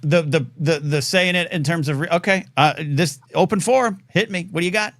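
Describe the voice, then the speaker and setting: Rambling, animated talk show host man. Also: on the high side, brisk, no room sound. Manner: rambling, animated, stammering restarts. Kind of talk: casual call-in show chat.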